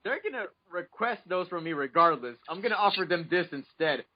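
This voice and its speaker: A man's voice: high-pitched, animated, brisk, no room sound. A man joking and laughing as co-host of a casual podcast chat. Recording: dull lo-fi audio with faint noise.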